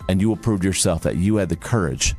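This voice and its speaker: A man's voice: low-pitched, animated, fast talker, darkish tone, soft background music. A man hosting a podcast, telling an emotional story and closing with earnest motivational advice. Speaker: podcast host and communication trainer. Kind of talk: storytelling talk.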